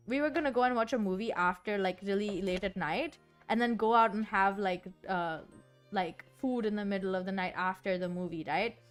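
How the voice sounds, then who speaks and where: A young woman streamer chatting casually and rambling, often giggling and saying "like". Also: mid-range voice. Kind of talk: casual chat while composing music. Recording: faint background music. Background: soft background music.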